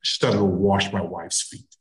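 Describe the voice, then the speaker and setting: Here a middle-aged man from Nigeria talks in a low, measured voice while guesting on a podcast. He relates an anecdote from his life, bringing it alive by acting out what each person said.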